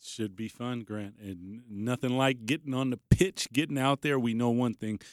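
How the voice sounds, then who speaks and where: A man's voice: medium pitch, no room sound. Male co-host, mid voice, dry booth sound, teasing banter and promo reads. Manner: joking banter, quick interjections. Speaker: sports radio co-host. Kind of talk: casual radio chat and live reads. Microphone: studio microphone.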